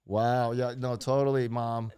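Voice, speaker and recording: A man's voice: medium pitch, expressive, moderate pace. A man co-hosting an online talk show in loose, joking chat, swearing freely and laughing often. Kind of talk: casual chat.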